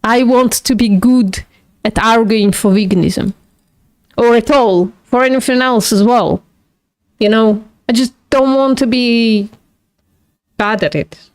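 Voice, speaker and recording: A woman with a slightly high voice hosts a casual live stream, chatting loosely with her viewers. She swears freely and laughs at herself as she talks. The sound is close and dry, with no room echo. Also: measured pace, pauses often. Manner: casual, swears, laughs often, self-mocking. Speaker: livestream host studying logic.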